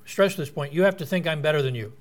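A man's voice: fairly high pitch, expressive, fast talker. A man preaching a sermon in an earnest, explanatory way, quoting and unpacking scripture.

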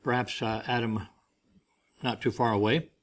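A man's voice: mid-range voice, steady tone, moderate pace. A man preaching a sermon, telling a family story and acting out the voices he quotes.

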